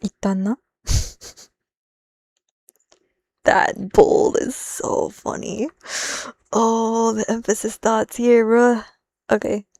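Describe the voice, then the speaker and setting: Woman with a gravelly voice, thinking aloud. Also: a little high, level tone, very slow, pauses often, darkish tone, dry recording, studio quality. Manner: rambling, self-interrupting, easily sidetracked; mixes in Japanese phrases. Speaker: streamer translating manga. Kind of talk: live stream, thinking aloud while working.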